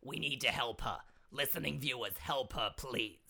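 A man putting on a loud, brassy older mother who hosts her own advice corner, gossipy and indignant and forever saying "seriously". Her voice is gravelly, with a bright, cutting edge. She calls everyone "my dears" and turns every question back to her own troubles. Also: mid-range voice, normal speed, exaggerated voice. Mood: exasperated. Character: brassy older woman advice-giver, doting nagging mother. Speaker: advice segment host. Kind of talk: comedy character monologue.

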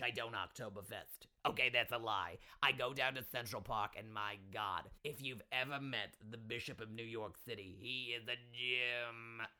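A man's voice: mid-range voice, sharp tone, voice pushed down. A man voicing a flamboyant older Jewish New York lady who gives advice, gushing and campy, calling people sweetheart and doll. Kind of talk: comedy advice segment.

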